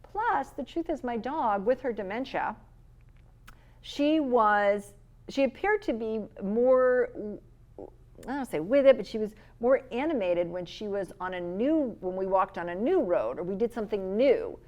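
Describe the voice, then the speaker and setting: A woman's voice: a little high, measured pace, muffled recording. A middle-aged woman, chatting casually and telling a story, acting out the quotes. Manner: storytelling, animated, acts out quotes. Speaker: podcast co-host. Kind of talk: casual chat.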